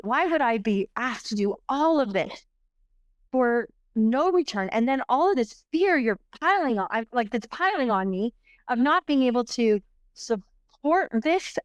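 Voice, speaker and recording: A middle-aged woman, a podcast guest, telling a personal story in an animated, rambling way, full of restarts and fillers. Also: fairly high pitch, no room sound, muffled recording.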